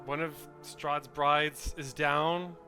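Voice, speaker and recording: This is a weary adventurer, slow and quiet after a hard fight, as a man puts the character on. The voice sits fairly high with a bright, tense edge and comes from a little farther back, uncertain where it should be cheerful. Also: fairly even intonation, soft background music, exaggerated voice. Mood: subdued. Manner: slow, subdued, hesitant. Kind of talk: in-character voice in a tabletop game.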